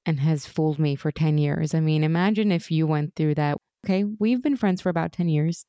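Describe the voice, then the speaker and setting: A woman co-hosts a relaxed recap chat, her voice mellow and a touch low. She gushes with enthusiasm and slips into little acted-out quotes. The sound is dry and close. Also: brisk, no echo. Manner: enthusiastic, gushing, acts out quoted lines. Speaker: podcast co-host. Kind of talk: casual chat recapping a TV episode.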